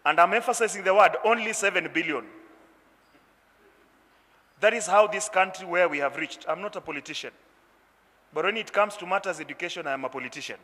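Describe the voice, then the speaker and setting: Impassioned man with a high voice. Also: fast talker, pushed and bright, long reverb tail. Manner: impassioned, emphatic. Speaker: speaker at an education meeting. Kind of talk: formal public speech.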